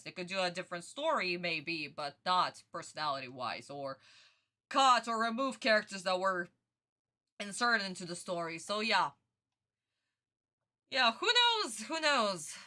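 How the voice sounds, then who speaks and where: A woman's voice: medium pitch, bright, forceful tone. A woman hosting a reaction video, chatting casually, rambling and laughing often. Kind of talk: casual chat.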